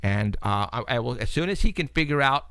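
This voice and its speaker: A man hosting a paranormal talk show tells his stories in a casual, animated way. His voice is gravelly, with a dry, close sound. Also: mid-range voice, fairly quick, no room sound. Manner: animated storyteller, acts out phone calls with quoted voices. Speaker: paranormal investigator and show host. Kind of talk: casual chat.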